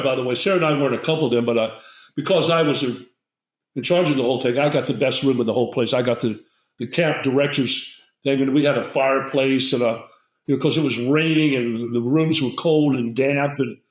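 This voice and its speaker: A man's voice: mid-range voice, brisk, reverberant, low-quality recording. Older man telling a rambling story. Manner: rambling, digressive storyteller who acts out quotes. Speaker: guest herbalist. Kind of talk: storytelling in a casual interview.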